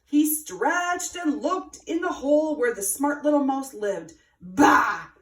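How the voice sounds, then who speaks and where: A woman reading a children's story aloud with an expressive, sing-song delivery. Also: high voice, a little slow, far from the mic. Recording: roomy, from afar.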